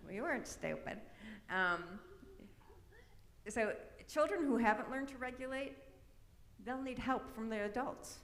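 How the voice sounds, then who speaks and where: A woman's voice: a little high, unhurried, a bit bright. Chatty woman presenting in an echoey hall. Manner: chatty, peppers talk with "right?" and "um". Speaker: presenter at an autism workshop. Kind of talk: informal presentation. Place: large church hall. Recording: echoey hall with long reverb, faint noise.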